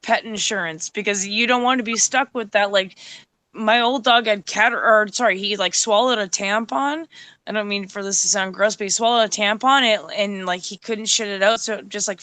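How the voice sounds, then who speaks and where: A woman's voice: medium pitch, bright, forceful tone, no echo, poor audio. A woman in her thirties from Canada, chatting casually on a stream, full of "like" and cooing at her dog. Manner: chatty, heavy "like" filler, coos at dog. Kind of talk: casual chat.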